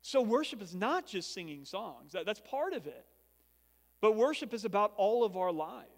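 Man, pastor, high voice, earnest sermon, volume rising and falling for emphasis, long hall reverb. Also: sing-song, normal speed. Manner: earnest teaching tone, swells and drops in volume for emphasis. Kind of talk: expository sermon.

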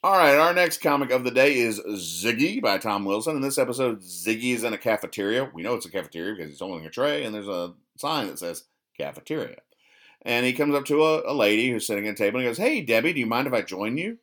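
A man hosting a podcast, recapping comic strips in a rambling, deadpan way, stumbling and correcting himself as he dryly explains each joke. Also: mid-range voice, quick pace. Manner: rambling, self-correcting, dry sarcastic explanations. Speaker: podcast host.

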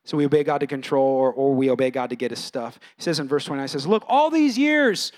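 A man in his thirties or forties preaching a sermon, animated, acting out voices with big swings in pitch. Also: rapid-fire. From California. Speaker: pastor.

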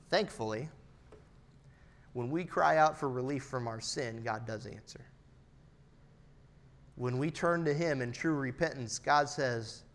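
A man in his thirties preaching an earnest, personal sermon, his loudness rising and falling for emphasis. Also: medium pitch, a little slow, long pauses. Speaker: pastor.

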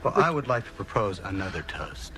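A man's voice: fairly low pitch, very animated, fairly quick, noisy background. A jovial man giving a toast. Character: cheerful male friend raising a toast. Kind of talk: TV drama acting. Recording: TV clip with clear music.

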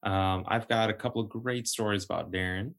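A man hosting a podcast, thanking his guest and closing the episode in a halting, restarting way. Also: on the low side, steady tone, gravelly, fairly bright tone. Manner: halting, many restarts and fillers. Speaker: podcast host. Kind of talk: casual interview chat.

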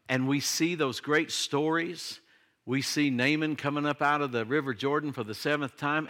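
Older male pastor, sermon, bright tone, slightly high voice, conversational then emphatic. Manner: conversational preaching that swings into emphatic declarations.

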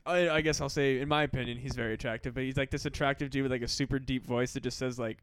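A mid-pitched man with a smooth voice swaps stories on a comedy podcast, swearing freely and getting animated. His voice sits close and dry on the mic. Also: fast, dry recording. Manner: profane, animated storyteller. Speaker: podcast co-host. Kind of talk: casual comedy chat.

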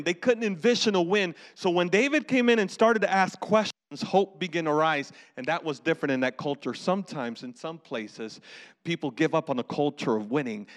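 A man preaching a sermon, telling the story with lively acted voices and calls for the audience to repeat. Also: fairly high pitch. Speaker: pastor.

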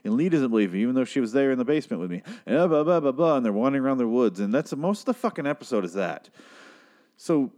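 A man giving a crude, sarcastic recap of a TV episode, tossing in quick asides. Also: medium pitch, very animated, mellow. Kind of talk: casual profane TV recap.

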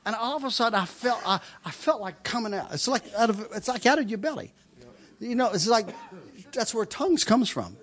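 A preacher giving a humorous testimony in a sermon, an animated storyteller who laughs often and acts out the voices of others. He speaks as a man. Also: sits high, brisk.

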